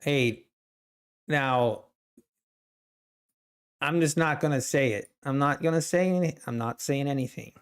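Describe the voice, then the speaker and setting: A man's voice: mid-range voice, a little slow, long pauses, smooth. A man hosting a live trading stream, chatting casually with viewers and laughing often. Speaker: livestream trading host.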